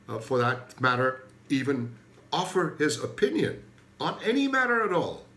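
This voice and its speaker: Lively man, rambling jokes. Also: medium pitch. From Turkey. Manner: digressive, self-mocking, jokey asides. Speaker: comedy host. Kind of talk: rambling comic monologue. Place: at home. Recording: roomy echo.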